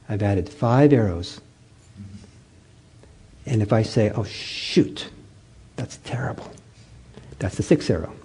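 Mellow, husky male meditation teacher. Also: mid-range voice. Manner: gentle, halting storytelling with many fillers and restarts. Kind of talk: dharma talk.

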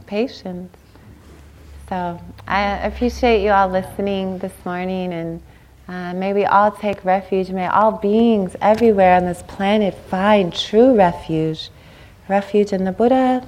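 A meditation teacher, a woman, giving a dharma talk at a meditation center, chatty and informal, often checking in with the listeners. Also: mid-range voice. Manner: warm conversational, seeks agreement with "right?".

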